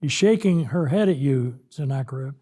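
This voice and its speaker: A man's voice: mid-range voice, expressive, slightly rough. A man preaching a Bible lesson, emphatic, reading scripture aloud and acting out the words of God with rising force. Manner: slow, emphatic, rises loud when voicing God.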